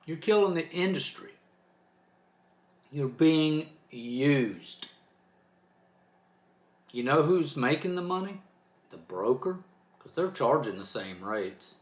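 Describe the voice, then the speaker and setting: A man's voice: a little high, animated, slow pace, long pauses, echoey room. A man hosting his own trucking channel, talking off the cuff in a fired-up, preachy, emphatic way. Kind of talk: off-the-cuff vlog rant.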